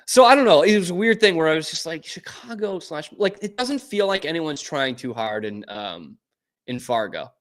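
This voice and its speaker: A young man from the Boston area with a mostly suppressed Boston accent, hosting a sports talk show in animated, opinionated casual chat. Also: fairly high pitch, moderate pace. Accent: mild Boston, mostly suppressed. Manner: animated, opinionated, lots of fillers.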